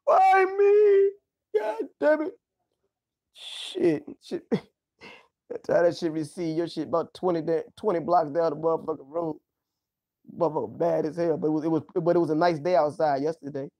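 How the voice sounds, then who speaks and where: A man's voice: a little high, level tone, brisk, mellow, dry recording, clean studio sound. A man hosting a livestream, rambling loosely through a profane casual monologue, exclaiming often and breaking into laughs. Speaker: livestream host.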